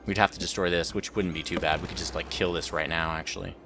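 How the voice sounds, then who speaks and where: A man's voice: low-pitched, fairly even intonation, fast, vocal fry, music in the background. A man rambling through let's play commentary as the host of a gaming channel, joking about his own mistakes.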